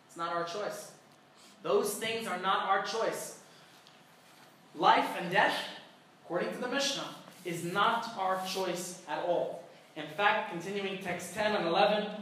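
In a very echoey room with a distant mic, a rabbi with a high-pitched, slightly bright voice leads a conversational Torah class. He jokes and puts rhetorical questions to his listeners.

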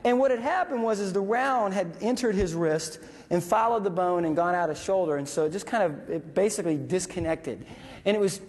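Husky-voiced man telling stories in a hall. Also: sits high, fairly quick. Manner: animated, acting out dialogue and sound effects. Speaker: military veteran speaker. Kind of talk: storytelling talk to an audience. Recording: long reverb from a hall.

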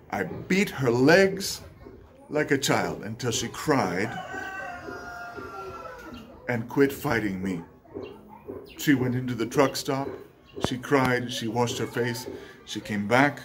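A man hosting his channel, telling a personal story in a lively monologue and acting out the dialogue. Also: mid-range voice, a little hiss or hum. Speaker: channel host.

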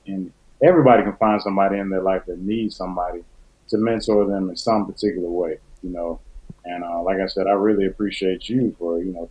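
Guy guest on a podcast, agreeable and supportive, low voice, kinda muffled audio. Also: darkish tone. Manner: supportive and affirming, with many fillers. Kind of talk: casual podcast conversation. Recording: dull lo-fi audio.

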